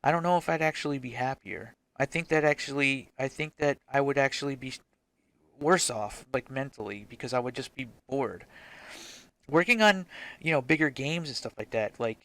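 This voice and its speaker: A man's voice: medium pitch, moderate pace, fairly bright tone, no echo. A man with a mid-range voice musing to camera about his work as an indie game developer. He speaks frankly and circles back on himself with hesitant restarts. He swears casually. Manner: frank, rambling, swears freely. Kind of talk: casual reflective vlog.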